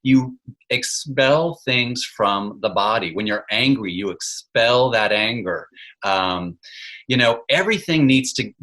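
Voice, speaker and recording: A man's voice: mid-range voice, lively intonation, measured pace, bright, forceful tone, low-quality recording. A man as an interview guest, explaining in an earnest, teacherly way and checking in with "right?" as he goes. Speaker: guest, arts educator. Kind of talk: casual interview chat.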